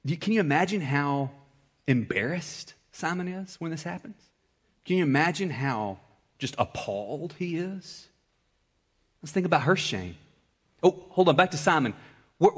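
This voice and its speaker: A male pastor preaching a sermon, swinging between loud, high-pitched bursts and hushed, low-voiced passages. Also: animated, moderate pace, pauses often, breathy edge.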